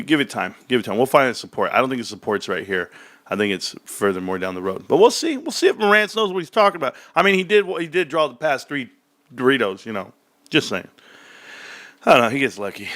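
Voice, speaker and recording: A stock commentary YouTuber with a lowish, slightly bright voice rants casually about the market. He jokes and mocks other people, sometimes imitating them in put-on voices.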